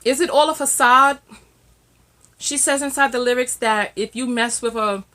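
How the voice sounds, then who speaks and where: A woman's voice: on the high side, normal speed, a bit bright. A woman reacting to song lyrics in casual vlog commentary, repeating herself and sounding startled. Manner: repetitive, exclamatory and startled. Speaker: reaction vlogger.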